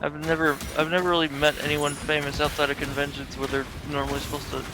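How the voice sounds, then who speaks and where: A man's voice: on the high side, level tone, fast, over music. A man streaming a game, rambling and joking in casual chat, swearing freely. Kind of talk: casual chat while gaming. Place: home setup, live stream.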